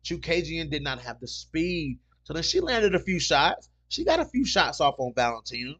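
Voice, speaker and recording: His fairly high, bright voice swings widely in pitch at a normal speed. Hosting a casual solo podcast, this man rambles, reads comments, tells stories, and keeps repeating "you know what I'm saying."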